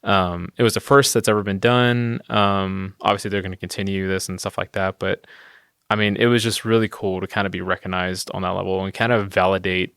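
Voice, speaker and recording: A gravelly young man talks through his work in a relaxed interview, rambling and self-deprecating with bursts of high laughter. His voice sits a bit low, recorded dry and close with no room sound. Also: fairly quick, dry recording. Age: 20s. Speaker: guest videographer. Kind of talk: casual interview storytelling.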